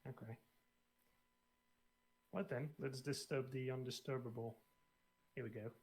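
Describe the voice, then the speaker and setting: A man playing in a tabletop game, talking in halting, hesitant bits with a joking tone. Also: mid-range voice, fairly even intonation, a little mellow. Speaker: player. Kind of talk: casual tabletop play.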